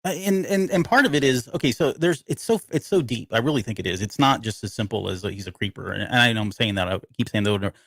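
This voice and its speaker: A man with a mid-range, slightly bright voice co-hosts a casual live podcast breaking down a TV show, talking fast with hardly any pauses and no echo. He rambles and often stops to search for a word he's forgotten.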